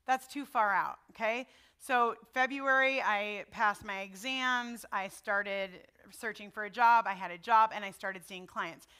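A woman's voice: medium pitch, steady tone, a little slow, bright, forceful tone, clear, resonant tone. A middle-aged woman giving a sermon in a personal, conversational way, often checking in with her listeners. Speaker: preacher.

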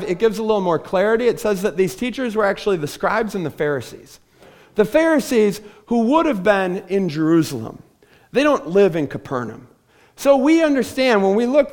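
High, lively-voiced male pastor preaching. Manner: animated storytelling, acting out quoted voices. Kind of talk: sermon. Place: church stage.

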